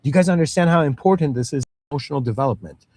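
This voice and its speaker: Thirties male lecturer from the Middle East, casual and chatty, fairly high pitch, dry close recording. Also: expressive, very fast, darkish tone, no echo. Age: 30s. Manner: conversational, repeats "you know" and "okay"; acts out parent and child voices.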